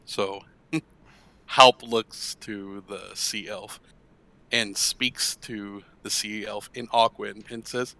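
Slow, laid-back man player. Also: lowish voice, fairly even intonation, creaky, bright, forceful tone. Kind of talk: playing a tabletop game.

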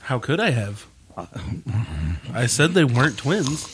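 A man's voice: mid-range voice, big pitch swings, unhurried, a bit bright, a little hiss or hum. A man co-hosting a casual podcast, reading riddles aloud and teasing his friends. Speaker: podcast co-host. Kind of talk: casual banter, reading out puzzles.

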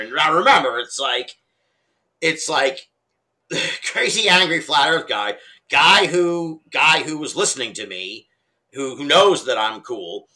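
Bright-voiced man telling a story. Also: a little high, measured pace, rough recording. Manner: animated, laughs often, swears casually. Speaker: podcast guest. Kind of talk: casual storytelling.

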